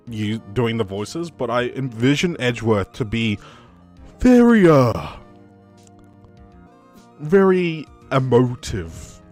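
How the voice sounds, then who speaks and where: Chatty Australian gaming streamer. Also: male voice, medium pitch. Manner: chatty, rambling, self-correcting. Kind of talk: let's play commentary, reading the game aloud.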